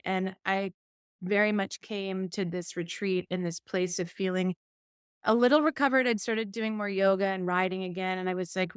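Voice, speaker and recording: A woman's voice: mid-range voice, clear, resonant tone, dry recording, clean studio sound. A woman co-hosting a podcast, telling a personal story in casual chat and acting out what she said back then. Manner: animated, acts out her own past quotes. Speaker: podcast co-host.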